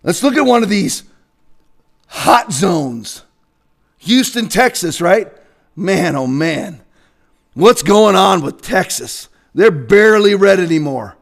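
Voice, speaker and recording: High-voiced man preaching with rising shouts. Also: lively intonation, slow, gravelly, pauses often. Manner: voice climbs high when agitated. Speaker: pastor. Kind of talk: political sermon rant.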